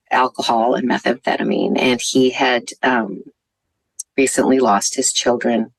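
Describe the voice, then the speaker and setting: Her voice is a gravelly bass: a woman physician giving an earnest conference talk at the venue, with warm storytelling and some fillers. There's no echo, but the recording quality is low.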